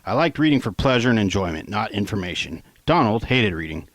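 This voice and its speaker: A man reads his own first-person novel aloud, low-pitched and relaxed, tossing in offhand asides and the odd swear word. The recording is dry and close, with no room sound. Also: brisk, no room sound. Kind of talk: first-person audiobook narration.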